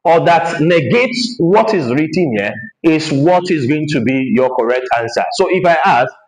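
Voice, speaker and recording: A man teaches an exam lesson, working through points at a board and circling back to repeat them. His voice sits a little high for a man and rings in a roomy space. He pauses often with hesitant fillers. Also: lively intonation. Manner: repetitive, explanatory, frequent hesitations. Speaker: English teacher.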